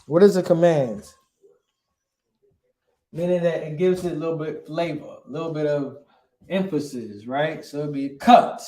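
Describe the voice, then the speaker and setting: A man's voice: on the high side, moderate pace, pauses often, mellow, reverberant. A male teacher giving a grammar lesson, asking his class questions and answering them himself, often checking with "right?".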